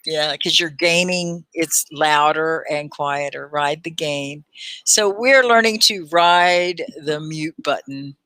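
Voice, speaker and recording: A woman teacher leads a live online English lesson with a bright, forward tone and an unhurried, deliberate pace. She is upbeat and encouraging, and she repeats words clearly for her learners. The sound is close and dry. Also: low-pitched, dry recording, rough recording. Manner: upbeat, encouraging, laughs often, slow clear repetition. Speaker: ESL teacher and livestream host.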